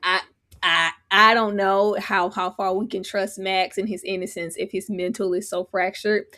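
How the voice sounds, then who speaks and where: A woman on a live panel, giving her opinions in an animated, outspoken way. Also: mid-range voice, normal speed. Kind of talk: casual live panel discussion.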